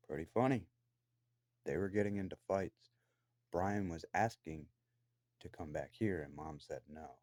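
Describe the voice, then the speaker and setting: A man's voice: low voice, a little slow, pauses often, a little mellow, no room sound. A man delivering an angry, profane, accusatory rant to the camera from his own room downstairs in a house. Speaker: vlogger.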